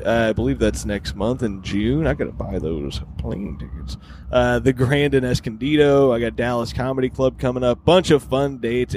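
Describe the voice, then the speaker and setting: A man hosting a podcast, talking in a laid-back, rambling way and swearing casually. His voice sits at an ordinary middle pitch, with faint noise in the background. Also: darkish tone. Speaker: podcast host, stand-up comedian.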